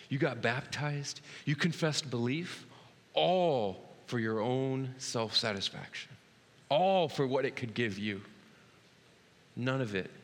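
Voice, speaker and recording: A man in his thirties preaching a sermon as pastor, earnest, dropping to a hush and then rising loud and excited. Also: fairly low pitch. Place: church sanctuary. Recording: long hall reverb.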